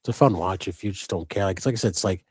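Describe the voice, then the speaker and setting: A co-host on a live customizing stream fires off casual, rambling chat at a rapid pace, swearing a lot and meandering across topics. His deep voice is slightly rough, and the recording is dry.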